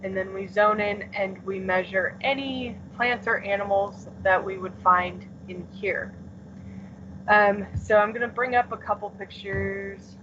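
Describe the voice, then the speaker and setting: Woman teacher, mid pitch, relaxed filler-heavy delivery, muffled call audio with faint hiss. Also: a little slow. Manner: casual, filler-heavy explaining with many "um" and "like". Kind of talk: remote class lesson. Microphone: computer mic on a video call.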